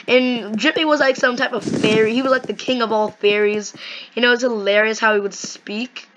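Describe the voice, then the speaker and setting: A woman chatting casually and rambling excitedly while playing a game. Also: a little high, a little fast, dull audio. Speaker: gaming video host. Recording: noisy home mic recording.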